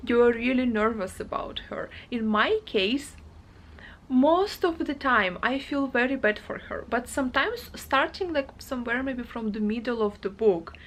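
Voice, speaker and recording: High-voiced, emotional woman book vlogger. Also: normal speed. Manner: emotional, animated, acts out characters in quoted asides. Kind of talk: casual reading vlog chat.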